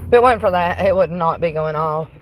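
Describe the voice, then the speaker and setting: A woman livestreaming a ghost investigation from her car on a phone, politely addressing spirits and bursting into excitement. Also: fairly low pitch, a little fast, rough recording. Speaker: paranormal livestreamer. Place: inside a car.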